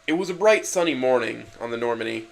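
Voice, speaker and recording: A man reading comic fan fiction aloud in an earnest, deadpan way. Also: medium pitch, fast, creaky. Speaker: reader.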